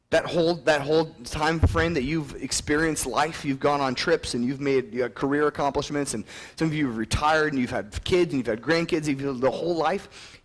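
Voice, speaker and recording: Animated male preacher telling stories. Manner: animated storytelling, acting out quoted voices; drops to a soft, earnest low voice when appealing. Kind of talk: sermon.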